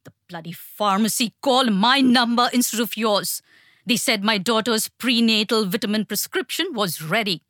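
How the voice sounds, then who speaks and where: A woman voicing an enraged, violent middle-aged father who shouts his threats in an audiobook reading. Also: on the high side, normal speed, no room sound, clean studio sound, lightly acted. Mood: raging.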